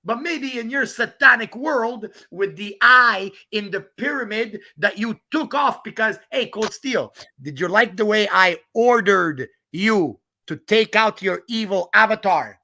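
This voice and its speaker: A man's voice: high-pitched, lively intonation, a little slow, hardly any pauses, bright, forceful tone. A man hosting a livestream outdoors, ranting and mocking a rival with profane jokes and laughter. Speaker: livestream host. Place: outdoors on a walk in the rain.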